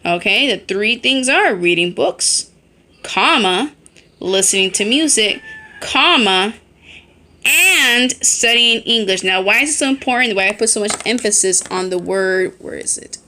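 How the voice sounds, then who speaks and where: A woman's voice: mid-range voice, expressive, moderate pace, bright, forceful tone, a little hiss or hum. A woman teacher giving a recorded lesson on her phone, explaining step by step and checking in often. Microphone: phone held in hand.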